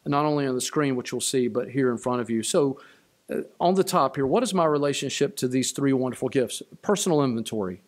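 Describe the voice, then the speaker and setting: A man preaching a sermon as pastor of his church, emphatic and repeating key lines. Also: medium pitch. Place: church sanctuary.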